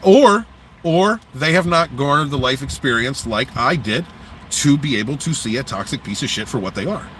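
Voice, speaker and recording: A man hosting a casual livestream, talking bluntly and profanely in an animated rant, outdoors near traffic. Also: medium pitch, normal speed, poor audio. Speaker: livestream host.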